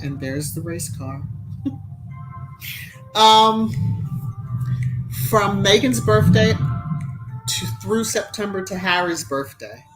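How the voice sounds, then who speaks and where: A woman hosting a casual live stream, chatting and greeting viewers by name between relaxed asides. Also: medium pitch.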